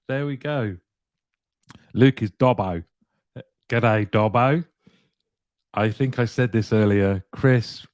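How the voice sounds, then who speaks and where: A man's voice: on the low side, a little mellow, dry recording. A man hosting a live online show, chatting casually with viewers, reading out their comments and laughing often. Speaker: livestream show host.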